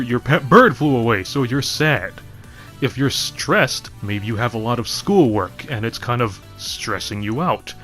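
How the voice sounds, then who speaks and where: A man's voice: medium pitch, a bit bright. A man ranting casually to his viewers, rambling, laughing often and swearing freely. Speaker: vlogger. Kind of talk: casual rant to camera.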